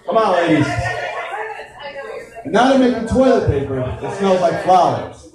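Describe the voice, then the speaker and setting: A man's voice: high voice, sing-song, normal speed. A man doing crude, rowdy stand-up comedy at a live show. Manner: crude, rowdy joke delivery. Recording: echoey live venue from far off with crowd.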